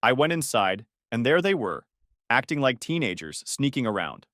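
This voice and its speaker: A heartbroken middle-aged father, quiet and shaken, speaking in a low, grave way, as a male narrator plays him. The voice is close and dry, with no room echo. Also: very animated, normal speed. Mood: grieved.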